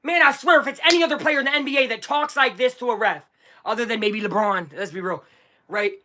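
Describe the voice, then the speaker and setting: A live streamer calling a basketball game as an excitable fan, swinging from low muttering to shouting and swearing. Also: fast talker. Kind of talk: live fan watch-along commentary.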